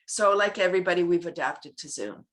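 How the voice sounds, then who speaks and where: A woman, a laughter yoga teacher, talking as an interview guest in an animated way, laughing often and making playful sound effects. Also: on the low side, fairly quick.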